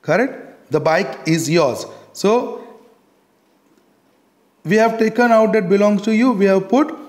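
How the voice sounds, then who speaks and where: A man teaching a grammar lesson, stressing example words and checking in with "correct?" again and again. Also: sits high. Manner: repeats "correct?" and "got it?" often, stresses example words slowly.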